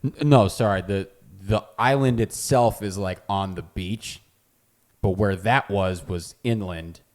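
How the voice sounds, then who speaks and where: A young man co-hosting a podcast in casual chat, laid-back and chiming in with short remarks. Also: a little slow. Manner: laid-back, chimes in with loud high-pitched impressions. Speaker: podcast co-host.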